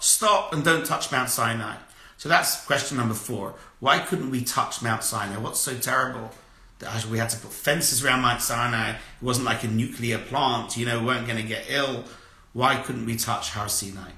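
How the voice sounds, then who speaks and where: A man giving a lively lecture as a rabbi, asking the audience questions over and over and telling stories with energy. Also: medium pitch, roomy sound. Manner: asks repeated rhetorical questions, animated storytelling.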